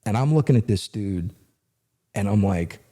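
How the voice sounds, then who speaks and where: A middle-aged man, a retired federal agent, telling a story in an animated, conversational way as a guest. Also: lowish voice, moderate pace. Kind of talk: storytelling in a podcast interview.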